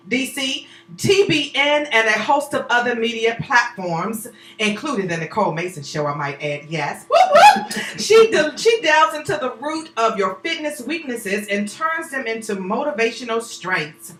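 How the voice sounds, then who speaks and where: A woman's voice: on the high side, lively intonation, measured pace, pushed and bright, roomy sound, low-quality recording. A woman hosting a live talk show, exuberant and chatty, whooping and cheering as she introduces her guests in the studio on a handheld microphone.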